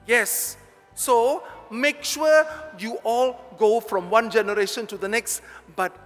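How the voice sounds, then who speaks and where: A man's voice: extremely high pitch, sharp tone, long reverb tail. A priest with a Malaysian English accent, giving a chatty, joking homily straight to his congregation in a large church.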